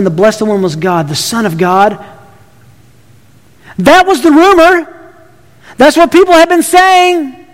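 A man with a very high voice preaches a sermon in a big reverberant hall. He talks emphatically, stumbling and restarting phrases as he presses each point home. Long reverb trails behind his words. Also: slow, long pauses. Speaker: pastor.

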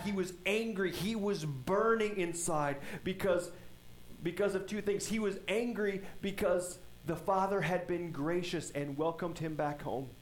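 A man's voice: on the high side, a little hiss or hum, low-quality recording. A male pastor preaching a sermon, retelling a story conversationally with frequent tag questions.

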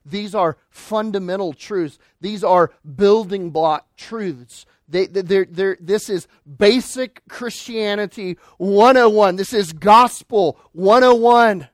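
Emphatic high-voiced male preacher. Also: dry recording, studio quality. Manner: emphatic preaching, swinging between loud declarations and quiet lines. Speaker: pastor. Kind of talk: sermon.

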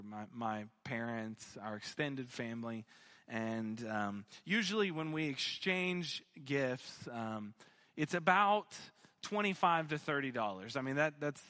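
A man's voice: mid-range voice, fairly bright tone. A man preaching a sermon, telling a personal story and building to fervent emphasis. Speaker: pastor.

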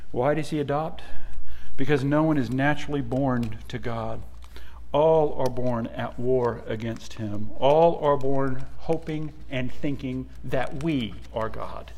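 A middle-aged male pastor delivering a sermon, his voice sitting a touch higher than most men's. He drops into quiet, stretched-out asides, then rises into loud, emphatic preaching.

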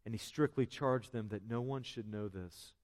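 A man's voice: fairly low pitch, moderate pace, a little mellow. Man preaching in a reverberant hall. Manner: conversational, with asides and restarts. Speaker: pastor. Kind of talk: sermon.

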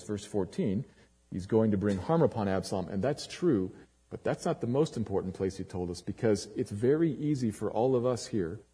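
Dramatic preaching man in a reverberant hall. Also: slightly rough. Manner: dramatic preaching with sharp swings from loud emphasis to low, quiet lines. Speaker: pastor. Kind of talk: sermon.

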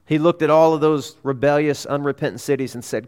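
A man preaching a sermon as a pastor, earnest, swelling to emphatic peaks and dropping low. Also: steady tone, fairly quick, few pauses, a little mellow, clean tone. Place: church sanctuary. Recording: long reverb of a hall.

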